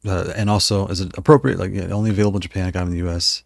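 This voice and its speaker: A man chatting casually with his live-stream viewers while playing, thinking aloud with many restarts, his voice slightly hoarse. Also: low-pitched, little pitch movement, rapid-fire.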